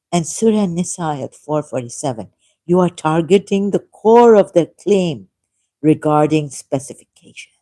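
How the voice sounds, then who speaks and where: Low, mellow-voiced woman reading aloud. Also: no room sound. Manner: apologetic asides, reads slowly and deliberately. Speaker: channel host. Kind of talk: reading aloud and commenting, casual vlog. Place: dim room.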